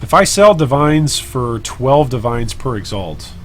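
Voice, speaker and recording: A man's voice: mid-range voice, animated, unhurried, faint music behind. A man hosting a casual live stream while trading, joking about himself and chatting with viewers. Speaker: gaming streamer and guild leader.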